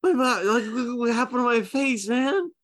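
A man's voice: extremely high pitch, expressive, moderate pace, fairly bright tone, voice pushed up. A man voicing a drunk, wounded young man who complains in a whining, slurred way. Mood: aggrieved.

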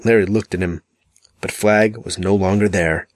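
A man narrating an audiobook in a measured, dramatic reading. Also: sits low, fairly even intonation, dry recording. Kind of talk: scripted narration.

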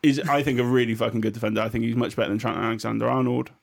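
A young man co-hosting a podcast, thinking out loud about football, restarting his sentences and swearing casually. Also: mid-range voice, steady tone, very fast, vocal fry. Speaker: podcast co-host.

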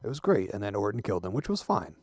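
A fairly low-pitched young man trading blunt, sarcastic takes in a laid-back sports podcast. He swears freely, and his voice sits dry and close to the mic. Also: big pitch swings, fast talker, darkish tone, no echo. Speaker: podcast co-host. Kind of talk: casual sports chat.

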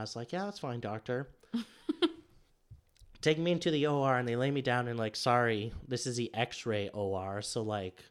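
A man's voice: medium pitch, normal speed, clean tone. A man telling a story in a casual chat, rambling with many fillers and acting out what others said. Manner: rambling, filler-heavy, acts out quotes.

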